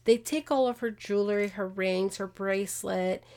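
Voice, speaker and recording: A woman with a touch of vocal fry hosts a casual true-crime podcast. She tells the case in a conversational way and throws in exasperated comments. Her pitch sits in a middle range. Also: moderate pace. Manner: animated, acts out quotes, exasperated asides. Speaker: podcast host.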